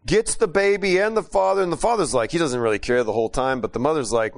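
A man preaching a sermon and telling a mission story, animated and prone to restarts. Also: fairly high pitch, fast talker. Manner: animated, acts out quotes, many restarts and fillers.

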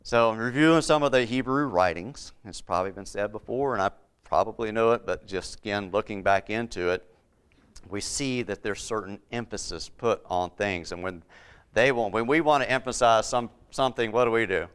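A man's voice: on the low side, normal speed, fairly bright tone, clean tone. A man preaching a Bible-teaching sermon, repeating key words for emphasis and putting questions to his listeners.

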